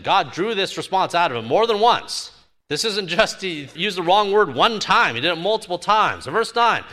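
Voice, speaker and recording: A man teaching a sermon on a Bible passage, emphatic and building to forceful repetition. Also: fairly high pitch.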